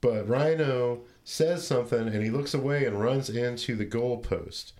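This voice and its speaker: A man in a relaxed podcast chat, walking through a movie scene by scene. He talks loosely, swears freely and laughs at his own retelling. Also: medium pitch, a little slow. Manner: laid-back storytelling, swearing and laughing. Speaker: podcast co-host recapping a movie.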